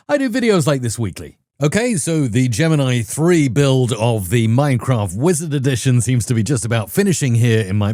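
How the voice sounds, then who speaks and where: Upbeat tech-video man, lively pitch. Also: no room sound, clean studio sound. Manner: upbeat, conversational. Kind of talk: enthusiastic tech review narration.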